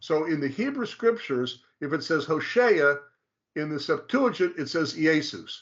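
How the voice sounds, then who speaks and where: A man's voice: fairly high pitch, animated, measured pace, fairly bright tone. A man explaining scripture in casual talk, lecturing with frequent restarts and checks of "okay". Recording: dull lo-fi sound.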